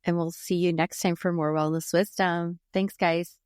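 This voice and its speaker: A woman's voice: fairly low pitch, little pitch movement, moderate pace, darkish tone, smooth, no room sound, clean studio sound. A middle-aged woman hosting a wellness podcast, upbeat, closing the episode with friendly sign-offs. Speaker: podcast host. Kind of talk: casual podcast chat and scripted outro.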